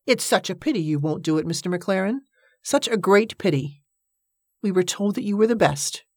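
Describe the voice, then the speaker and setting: A narrator voicing a brisk, commanding woman who lectures the others in an audiobook. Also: mid-range voice, expressive, fairly bright tone, dry recording, clean studio sound, voice pushed up. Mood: bossy. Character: bossy, brisk woman campaigner.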